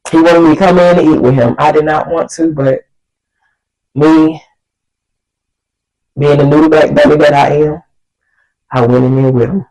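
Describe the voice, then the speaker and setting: A woman vlogger telling a story in an animated, exasperated way. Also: low voice, moderate pace, pauses often, rough recording. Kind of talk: storytime vlog.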